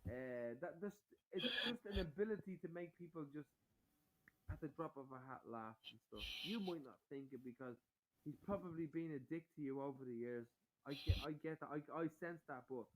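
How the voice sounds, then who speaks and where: A man in his forties chats loosely on a stream, full of swearing and pushy teasing. His voice sits high and sounds bright and edgy. He talks in a casual, rambling way. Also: animated, normal speed, poor audio. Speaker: stream guest. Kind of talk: casual chat.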